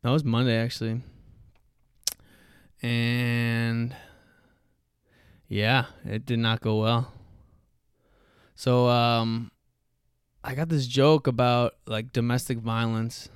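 A man's voice: medium pitch, flat delivery, slow pace, pauses often, clear, resonant tone, no room sound, studio quality. A man hosting a solo podcast, ranting in a profane, rambling way and saying dude and bro constantly. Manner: loud shouting rants. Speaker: podcast host. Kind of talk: solo comedic rant.

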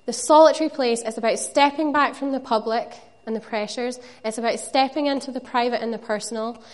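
A woman's voice: a little high, fairly even intonation, fairly quick. A woman preaching a sermon, earnest and conversational, with playful asides to the congregation.

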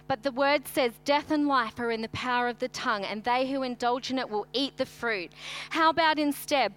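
Brief: high-pitched middle-aged woman pastor, chatty and animated sermon storyteller. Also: normal speed, smooth. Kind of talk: sermon with personal stories.

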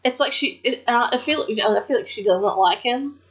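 A woman's voice: on the high side, normal speed, a bit bright. Female co-host, casual frank chatter with cursing, lo-fi podcast sound. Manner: frank, profane, trails off and restarts. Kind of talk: casual chat about wrestling. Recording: dull lo-fi podcast audio.

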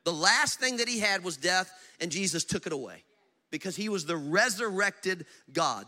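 A man, a pastor, preaching a sermon with big swings between loud emphasis and low storytelling. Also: lively intonation, normal speed. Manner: tells stories with acted dialogue and asides.

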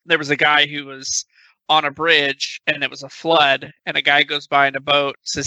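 Bright-voiced, easygoing storytelling man. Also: a little high, level tone, moderate pace, dry recording, poor audio. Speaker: podcast co-host. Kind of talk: casual chat, storytelling.

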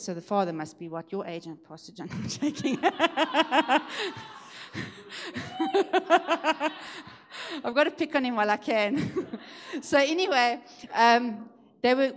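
Lively woman preaching. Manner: lively storytelling, rising and emphatic at high points. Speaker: preacher sharing a testimony. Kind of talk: sermon testimony.

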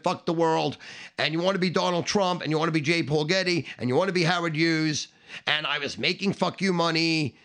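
Gravelly, swaggering middle-aged man. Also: a little high, fairly bright tone. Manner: emphatic, swaggering, builds through repeated phrases. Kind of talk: profane boastful monologue.

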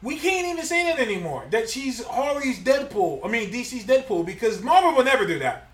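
A man co-hosting a casual podcast chat, animated and emphatic, laughing often. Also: extremely high pitch, a little fast, echoey room, far from the mic. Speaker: podcast co-host.

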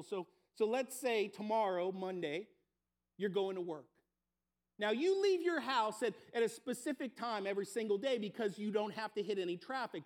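A man preaching a sermon, telling everyday stories and acting out the people in them. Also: very high-pitched. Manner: storytelling, acting out everyday scenes. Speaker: pastor.

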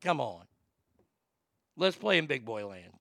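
A man's voice: medium pitch, big pitch swings, a little slow, vocal fry, bright, forceful tone, dry recording. A man hosting a comedic talk show, ranting in a profane, sarcastic way into a close studio mic. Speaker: host.

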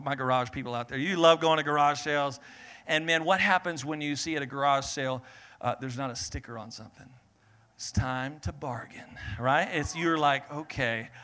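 Energetic bright-voiced male preacher. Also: a little high. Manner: energetic, builds to emphatic peaks, calls on the congregation to respond. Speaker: pastor. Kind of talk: sermon reading scripture with commentary. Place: church service with congregation.

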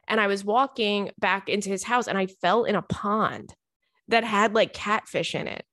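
A young adult woman hosting a podcast, chatting casually and telling animated stories with frequent laughs and swearing. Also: mid-range voice, normal speed, dry recording, studio quality. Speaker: podcast host reading listener stories. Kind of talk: casual chat.

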